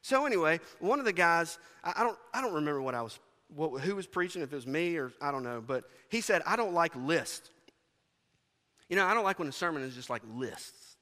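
A male pastor with a high, bright, forceful voice delivers a sermon. He swings from ringing shouts down to quiet, confiding asides. A long hall reverb trails his words. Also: lively intonation, fast talker.

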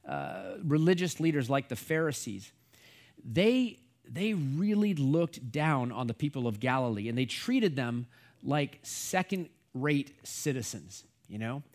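A man's voice: medium pitch, very animated, unhurried, a little mellow. A middle-aged man from the United States, a pastor teaching the Bible in a casual, rambling way full of fillers and asides.

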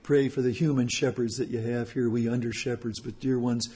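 A man's voice: medium pitch, level tone, brisk, mellow, husky. A man, a church elder, preaching an earnest sermon with emphatic repetition.

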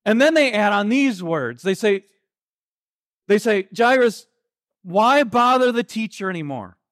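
A man preaching a sermon, retelling a Gospel story in an earnest, halting way, with frequent restarts and slow, quiet quotations. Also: high voice, lively intonation. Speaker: pastor.

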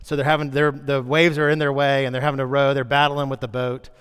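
A man preaching a sermon, telling the story with lively, acted-out asides. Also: mid-range voice, quick pace, clean tone. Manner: animated storytelling, acting out scenes. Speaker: pastor. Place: church sanctuary. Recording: long reverb of a large hall.

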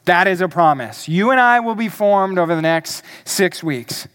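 A male pastor preaching a sermon, emphatic and deliberate, asking the congregation questions. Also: high-pitched, lively intonation, a bit bright, smooth.

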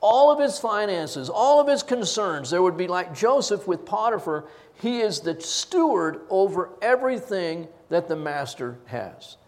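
A man preaching a verse-by-verse sermon, his voice pitched high and swinging widely between peaks and low, quiet asides. He leans hard on key words. The sound carries a long reverb from a large hall. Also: big pitch swings, a little slow, hardly any pauses. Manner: emphatic, swings from loud stresses to low asides. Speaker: pastor. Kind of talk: expository sermon.

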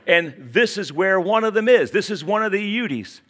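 A man with a West Virginia accent preaching a sermon, dropping to quiet asides and then rising to urgent, emphatic calls. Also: sits high, lively intonation, normal speed. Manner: dramatic swings from hushed asides to urgent exclamations. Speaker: pastor.

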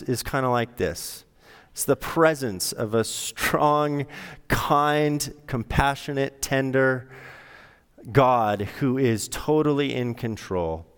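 A man's voice: medium pitch, slow pace, clear, resonant tone. A middle-aged man preaching a sermon as a pastor, telling a story in a conversational way with shifting emphasis. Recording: long hall reverb.

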